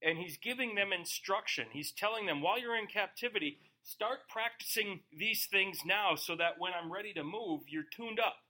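High, bright-voiced male pastor. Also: normal speed, hardly any pauses. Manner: conversational, acts out quoted voices. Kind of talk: verse-by-verse Bible teaching.

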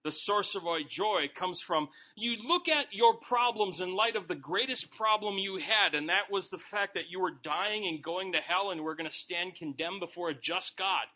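A man's voice: high-pitched, moderate pace, few pauses, sharp tone. A man leading a Bible study in a folksy, joking, conversational sermon. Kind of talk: informal sermon.

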